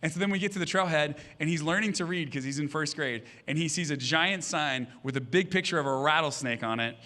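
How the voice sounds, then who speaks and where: His voice is on the high side, pushed and bright, moving at a fairly quick clip. He's a pastor in his thirties on a church stage, turning his sermon into humorous storytelling about his family and voicing the people in the tales.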